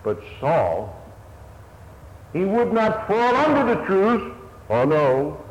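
A man's voice: high-pitched, wildly swooping pitch, takes it slowly. A man preaching a sermon in an earnest, old-fashioned manner, his voice swelling and dropping. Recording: echoey hall, dull lo-fi sound, faint hiss.

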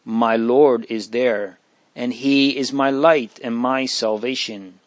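A man reading the part of a dying young woman, faint, gentle and prayerful, in a story read aloud. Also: medium pitch, fairly even intonation, no echo, lightly acted. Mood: faint, devout. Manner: soft, slow, faint and prayerful. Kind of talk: reading aloud from a religious narrative.

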